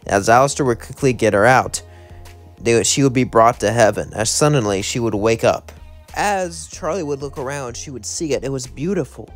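A man's voice: medium pitch, normal speed, faint music behind. A man telling an improvised fan story in a casual, rambling way, chaining events together with repetitive phrasing.

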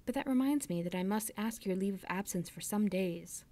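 A woman's voice: mid-range voice, normal speed, dark tone, close to an everyday voice. Woman reading an earnest young sailor. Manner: grave and polite.

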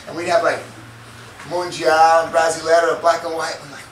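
A man's voice: a little high, little pitch movement, brisk. A man teaching a jiu-jitsu seminar in a loose, profane, casual way, acting out moves and sound effects as he goes. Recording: echoey room from far off, with noise.

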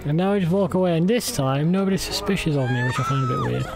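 A man's voice: sits high, huge pitch swings, quick pace, loud music behind the voice. A man streaming a game, giving casual, self-deprecating commentary with many fillers.

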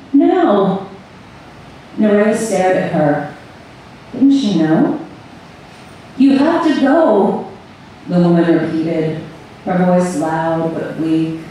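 Brief: woman reading her story live, slow and measured, captured from far off in an echoey room. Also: lowish voice, warm tone, a little hiss or hum. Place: event room on a cruise ship. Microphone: far audience camera. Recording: echoey hall recorded from far off.

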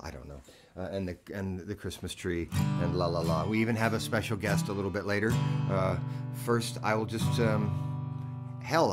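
A man with a low voice hosts a casual livestream from his living room. He rambles and pokes fun at himself, with faint guitar music around him. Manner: rambling, self-deprecating. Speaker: host and singer.

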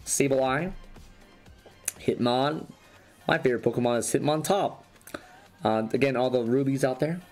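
With a medium-pitched, darkish voice that's giving out, a man casually opens trading card packs and rambles over each card. He speaks at a moderate pace with long pauses and restarts sentences, over faint background music.

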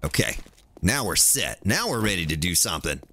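A man's voice: deep voice, big pitch swings, brisk, pushed and bright, slight background noise. A man streaming a survival game, chatting playfully with his viewers and joking as he plays. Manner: playful, jokey, talks to chat and the game. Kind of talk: casual gameplay commentary.

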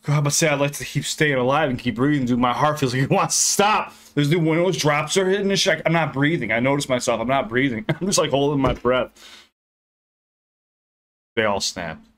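A man's voice: mid-range voice, a little fast, a bit bright. A young man hosting a reaction video, chatting loosely and cursing as he rambles about what he just watched. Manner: loose, profane, rambling chat with laughs. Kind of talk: casual reaction commentary.

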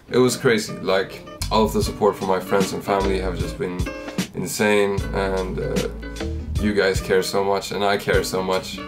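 A young man with a Swedish accent, chatting casually and joking around as he makes a beat for his vlog. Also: low-pitched. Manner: goofy, jokey and candid. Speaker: music producer and YouTuber.

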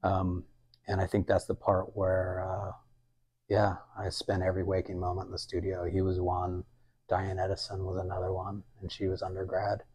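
A young adult man, an artist, talks casually in a museum gallery with a deep, slightly mellow and husky voice, moderate pace, and utterly flat delivery. His conversation rambles, full of fillers and quoted asides.

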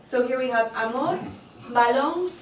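Patient woman teacher with a high voice, recorded from the back of an echoey classroom. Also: unhurried, a little hiss or hum. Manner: patient, checks understanding with frequent okay. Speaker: Spanish teacher. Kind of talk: classroom lesson. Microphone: distant room microphone. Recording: echoey classroom, mic far off.

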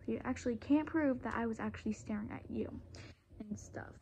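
A woman's voice: on the high side, brisk, vocal fry, noisy background. A teenage girl, rambling through a casual storytime vlog with lots of fillers and restarts, close to a phone camera.

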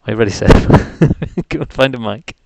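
A man's voice: medium pitch, lively intonation, moderate pace, creaky, a little mellow, no room sound. A man with a mild Geordie accent, hosting a live music stream and rambling jokily to fill time. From North East England. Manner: jokey, chatty, self-deprecating rambling. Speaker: livestream host.

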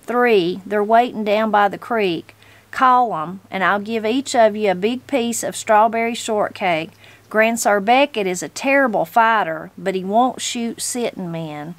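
A woman's voice: mid-range voice, measured pace, dry recording, lightly acted. A woman voicing a fierce, shrewd elderly mountain granny. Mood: firm. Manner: plain-spoken, stubborn.

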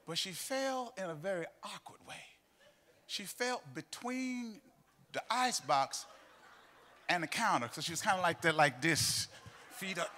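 A middle-aged man preaching a sermon in a church. He tells stories and breaks into sung, shouted cadences, with faint music behind him. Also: sits high, slight background noise. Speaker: pastor. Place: church sanctuary.

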